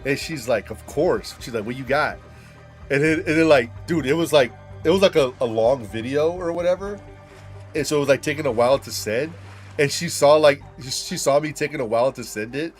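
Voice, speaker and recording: A man's voice: fairly high pitch, a little fast, faint music behind. A young man streaming a game, telling a rambling, profane story and saying "dude" and "like" a lot. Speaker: gaming streamer. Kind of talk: casual storytelling while gaming.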